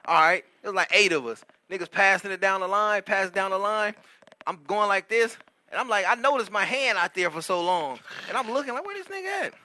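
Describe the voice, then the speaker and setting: A man co-hosting a comedy podcast, telling stories in a casual, animated and profane way and laughing often. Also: sits high, a little fast. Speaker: podcast co-host. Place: podcast studio.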